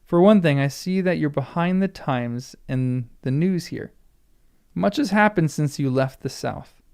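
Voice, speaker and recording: A man reading aloud as a small male hobbit who stays quiet and composed. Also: on the high side, expressive, a little slow, creaky, clear, resonant tone. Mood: firm.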